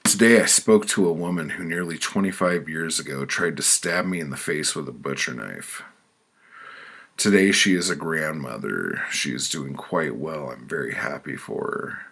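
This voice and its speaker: A man reads his own story aloud, deadpan and blunt, breaking into loud shouts at times. His voice sits very low and gravelly, with a husky edge. The telling stays plain and unhurried. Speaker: author reading his own work. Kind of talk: spoken-word storytelling.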